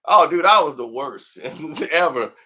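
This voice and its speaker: A man hosts a film review channel in casual chat, his fairly high voice expressive, sharp-toned and slightly rough at a measured pace. He laughs frequently, tells animated stories, and acts out quotes in put-on voices.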